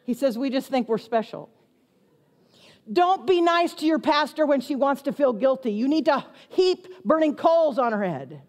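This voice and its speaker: A middle-aged woman pastor, telling a lively, self-mocking story as part of a sermon. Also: high-pitched, normal speed, few pauses. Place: church sanctuary. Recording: long hall reverb.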